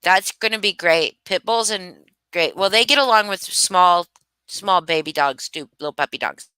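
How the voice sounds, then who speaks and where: A woman's voice: on the low side, lively intonation, moderate pace, bright, forceful tone, clear, resonant tone, dry recording. A woman hosting a casual live stream, gushing and swearing freely as she chats with viewers. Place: home.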